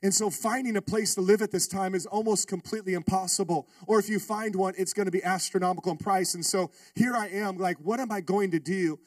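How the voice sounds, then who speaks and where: A man's voice: high voice, fast talker, few pauses, slightly rough, no echo, far from the mic. A man preaching a sermon as a pastor, telling a funny story and calling out to the congregation. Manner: animated, humorous, calls out to the congregation.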